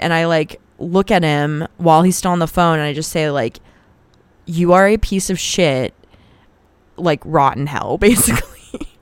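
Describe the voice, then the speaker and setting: A woman's voice: low voice, smooth, no room sound. A woman hosting a podcast who tells a personal story in a candid, casual way and swears freely. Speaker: podcast host.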